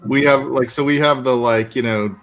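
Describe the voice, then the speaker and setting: A man's voice: mid-range voice, steady tone, normal speed. A man from the United States chatting casually as co-host, laid-back with casual swearing. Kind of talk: casual chat.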